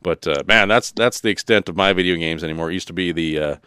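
Guy hosting a podcast, real low smooth voice, rambly and chill. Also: quick pace, bright, forceful tone, dry recording. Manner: rambling, loose, peppered with fillers. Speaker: podcast host. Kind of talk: casual chat.

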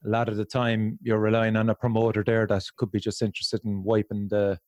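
A man's voice: lowish voice, completely flat delivery, a little fast, a little mellow, no room sound. Chatty man interviewing, dry close sound. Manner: reacts with short exclamations, chatty. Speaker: podcast host. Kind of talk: casual interview chat.

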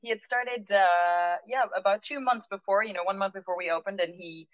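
A restaurant owner tells an anecdote with lively energy, laughing often and acting out what the people in her story said. Her voice is medium-pitched at normal speed, and the recording sounds dry and muffled.

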